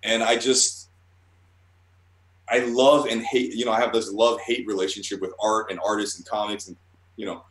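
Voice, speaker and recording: A man's voice: fairly low pitch, flat delivery, moderate pace, pauses often, a bit bright, roomy sound, rough recording. A man telling stories as a guest in a casual interview, rambling, swearing often and stumbling over restarts. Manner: rambling, profane, stammering restarts. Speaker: guest artist.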